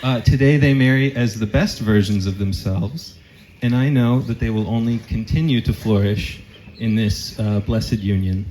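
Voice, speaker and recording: A man's voice: on the low side, normal speed, a little mellow, a little hiss or hum, poor audio. A man giving a sincere wedding toast at a reception and wrapping up with a joke.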